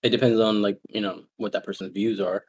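A man's voice: lowish voice, fairly even intonation, brisk, darkish tone, slightly rough. Loose-talking young male co-host. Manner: loose, swearing, hesitant with fillers when explaining. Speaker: podcast co-host. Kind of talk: casual chat. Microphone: voice chat recording.

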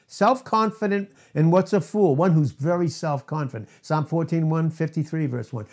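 A man preaching a sermon, emphatic and repetitive, quoting scripture with drawn-out stress and laughing between points. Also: fairly high pitch, expressive, a little mellow.

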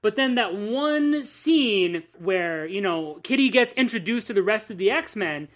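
Rambling, excitable male podcast co-host. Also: high voice, unhurried. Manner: rambling, enthusiastic, swears freely. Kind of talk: casual chat.

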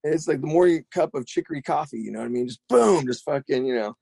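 A gravelly-voiced middle-aged man talks quickly and loosely, swearing freely as he rambles through skate stories. The sound is dry and close, with no room in it. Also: a little high, no echo. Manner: profane, rambling, animated storyteller. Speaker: skate shop owner. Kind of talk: casual podcast chat.

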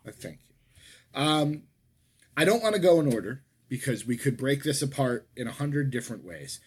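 A man's voice: mid-range voice, big pitch swings, normal speed, darkish tone, husky. A man co-hosting a casual wrestling podcast, talking in a rambling way that keeps correcting itself. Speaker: podcast co-host.

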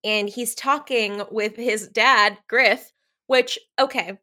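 A woman's voice: a little high, steady tone, slow pace, sharp tone. Gushing, giggly woman podcast co-host. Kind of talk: casual book discussion chat.

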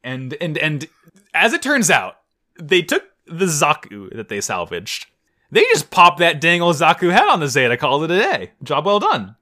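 A man co-hosting a casual podcast, his voice lively and swooping up and down as he jokes through a recap. His tone is bright and forward. He jumps high for emphasis and keeps the banter loose. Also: moderate pace. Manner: animated, jokey, swings his pitch up high for emphasis. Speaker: podcast co-host. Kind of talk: casual chat recapping an anime episode.

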